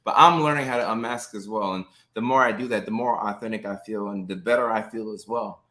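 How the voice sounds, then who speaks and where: A man in his thirties chats on a live stream with a fairly low-pitched voice. He is upbeat and greets viewers by name, talking loosely with plenty of "uh"s. He is recorded up close on a phone or webcam indoors. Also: fairly quick, sharp tone. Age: 30s.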